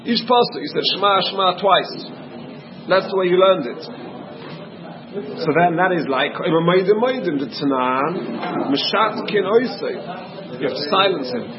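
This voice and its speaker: A man's voice: high-pitched, expressive, measured pace, crowd noise. A man teaching a Talmud class, explaining by asking questions and answering them himself. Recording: dull lo-fi recording with audience noise.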